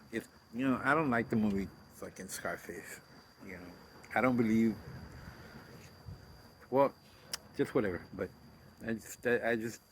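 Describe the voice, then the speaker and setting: A man's voice: lowish voice, slight background noise, low-quality recording. A middle-aged man talking in a blunt, profane, rambling way, telling stories casually on his own show. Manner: blunt and profane, trailing off and restarting. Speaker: host of a self interview.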